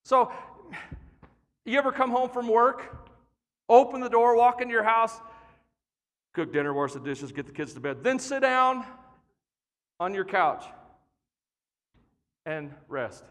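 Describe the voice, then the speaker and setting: A man preaching a sermon as pastor, playful and joking, building to energetic emphasis. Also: very high voice, measured pace, pauses often. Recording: long reverb of a large hall.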